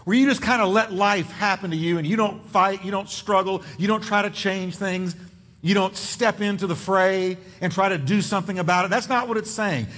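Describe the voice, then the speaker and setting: A man preaching a sermon as pastor, with sudden swings from soft low phrases to raised, urgent ones. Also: long reverb tail. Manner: expressive preaching with sudden drops and rises in pitch.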